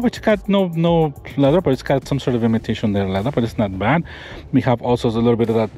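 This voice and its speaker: A man's voice: medium pitch, dark tone. A man presenting a car review vlog, walking around and sitting inside a pickup truck. He points out details with enthusiasm and rambles, often restarting his sentences. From Florida. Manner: enthusiastic, rambling show-and-tell with frequent restarts.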